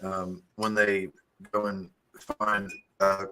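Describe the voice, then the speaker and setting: A man co-hosts a podcast, speaking in loose sentences that trail off. His voice sits very low and barely rises or falls, yet it has a bright, clear edge. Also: completely flat delivery, slow pace, rough recording. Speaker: podcast co-host. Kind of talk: casual chat.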